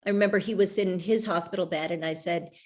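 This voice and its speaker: A middle-aged woman, an author appearing as a guest on a video call, talks fast in a lowish, steady voice. She's reflective and rambling, frequently restarting and letting her thoughts trail off.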